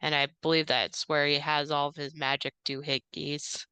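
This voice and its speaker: A woman's voice: sits low, level tone, normal speed, sharp tone, clean tone, no echo. A woman voicing a polite, nervous male house staffer who talks hesitantly with many fillers.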